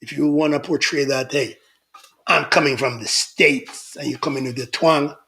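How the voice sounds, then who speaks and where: A man's voice: mid-range voice, fairly even intonation, moderate pace, gravelly, sharp tone. A middle-aged man hosting a casual livestream, reading out viewer comments in a chatty, teasing manner. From Jamaica. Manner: chatty, teasing, laughs often.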